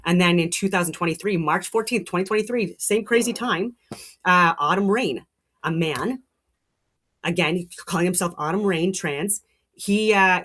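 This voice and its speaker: A woman's voice: lowish voice, normal speed, fairly bright tone, a little hiss or hum. A middle-aged woman hosting a show, talking in a heated, rambling monologue with frequent restarts and swearing. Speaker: show host. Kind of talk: casual monologue.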